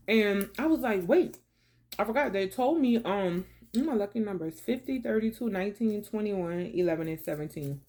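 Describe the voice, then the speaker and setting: A woman's voice: mid-range voice, warm tone. A woman vlogger chatting casually to camera, telling a travel story in slangy talk and calling viewers baby and y'all while she eats. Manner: eating while talking.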